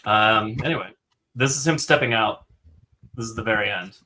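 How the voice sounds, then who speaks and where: A man co-hosting a podcast, chatting excitedly about a fantasy book, swearing often and filling his talk with "like". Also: on the low side, normal speed, a little hiss or hum. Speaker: podcast co-host. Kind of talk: casual book discussion.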